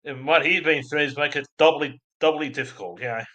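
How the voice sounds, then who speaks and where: A man's voice: on the high side, fairly quick, sharp tone. A man with an Australian accent, hosting a casual livestream and chatting with his viewers in a rambling way. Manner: rambling, chatty, laughs at chat. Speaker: livestream host.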